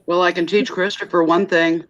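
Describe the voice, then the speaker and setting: A man's voice: high voice, flat delivery, normal speed, fairly bright tone, no echo. Joking chat regular, man, dull muffled line. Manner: joking, teasing. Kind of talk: casual chat.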